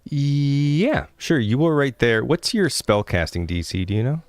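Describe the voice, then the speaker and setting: A man running a tabletop game as game master, explaining rules in a relaxed, chatty way. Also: mid-range voice, measured pace, no echo.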